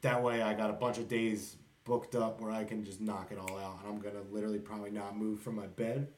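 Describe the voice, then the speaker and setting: A man chatting casually on a podcast, excitedly rambling about wrestling shows. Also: lowish voice, fast talker, slight background noise. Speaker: podcast co-host. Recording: echoey room.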